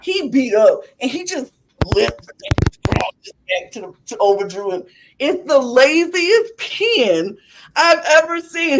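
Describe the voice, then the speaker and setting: A young woman on a podcast recapping a wrestling match in animated casual chat, acting out her own gasps and laughs. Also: high voice, slow pace, a little hiss or hum, low-quality recording. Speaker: podcast co-host.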